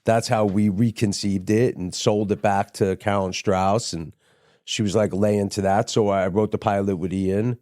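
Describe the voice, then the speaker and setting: A man's voice: lowish voice, fairly even intonation, moderate pace, a little mellow, dry recording, studio quality. A man as a podcast guest, telling stories in a laid-back, profane, rambling way with lots of fillers. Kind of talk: casual storytelling interview.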